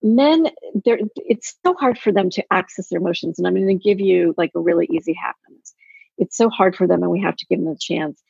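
A woman coaching in casual podcast chat, telling animated stories and acting out quotes. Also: lowish voice, fairly quick, gravelly, husky, no room sound. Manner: animated storyteller, acts out quotes. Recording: dull, dry lo-fi sound.

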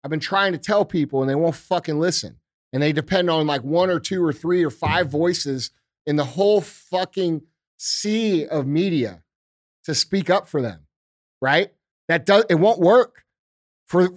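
A man's voice: high-pitched, no echo, studio quality. A man hosting a podcast, ranting with heavy swearing and repeated rhetorical questions. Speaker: podcast host. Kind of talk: profane political rant.

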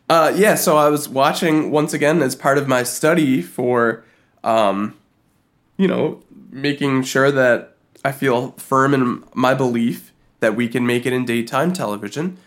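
Giggly animated man telling a story. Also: mid-range voice, takes it slowly. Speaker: podcast co-host. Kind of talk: casual comedic chat.

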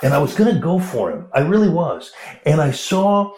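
A middle-aged American man, an actor, telling stories in a casual interview with lively, laughing delivery. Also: a little high, moderate pace. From United States. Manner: animated storyteller, laughs while talking. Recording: roomy echo.

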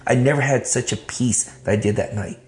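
A man telling his life story in an interview, blunt and animated, swearing freely. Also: mid-range voice, brisk. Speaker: interview guest. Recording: roomy echo.

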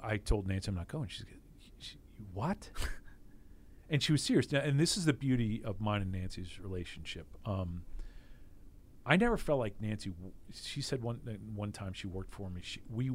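A middle-aged man giving a candid, emotional interview on a podcast, reflecting with frequent restarts. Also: fairly low pitch. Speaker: interview guest, former team executive.

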